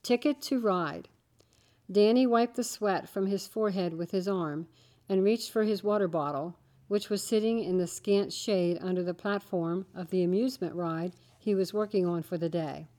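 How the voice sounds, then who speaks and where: A woman reading a children's story aloud, with steady, gentle storytelling. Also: medium pitch, normal speed. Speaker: narrator.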